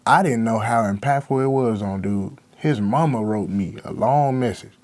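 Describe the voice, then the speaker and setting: A man's voice: medium pitch, normal speed, a little mellow, no echo. A young man, a rapper guest, talking candidly and emotionally in slang-heavy speech. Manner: raw, emotional, slangy with constant "bro". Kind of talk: candid interview talk.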